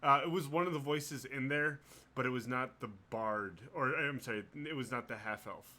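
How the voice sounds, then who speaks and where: A man running a tabletop game as game master, relaxed and laughing often, with lots of fillers and restarts. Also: mid-range voice, moderate pace.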